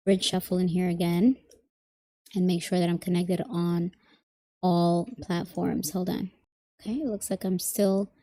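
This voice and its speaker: Chatty woman with a mellow voice. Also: on the low side. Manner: chatty, thinking aloud, with hedging asides. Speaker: tarot reader. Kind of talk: live-stream tarot reading.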